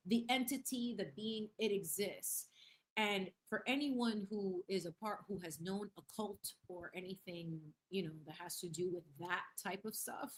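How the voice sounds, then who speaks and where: Woman chatting w her stream, slangy and animated, tosses in spanish bits, reads the chat out loud. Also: mid-range voice. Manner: laughs often and reads chat aloud. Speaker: livestream host. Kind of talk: casual livestream chat.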